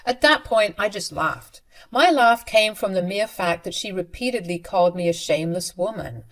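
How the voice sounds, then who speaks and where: A woman's voice: medium pitch, animated, moderate pace. A woman narrating a first-person drama story, confident and mocking in tone.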